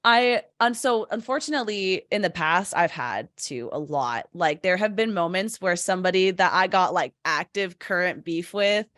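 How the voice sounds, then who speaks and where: A woman's voice: fairly low pitch, animated, normal speed, few pauses, a bit bright, no room sound, studio quality. A woman in her twenties hosting a casual podcast, chatty and swearing freely as she acts out quotes. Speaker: podcast host.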